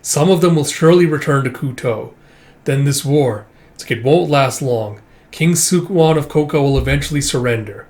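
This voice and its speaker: A man reading the lines of an arrogant, ruthless male emperor in a commanding, sometimes slow and menacing way. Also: medium pitch, darkish tone, natural voice. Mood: imperious.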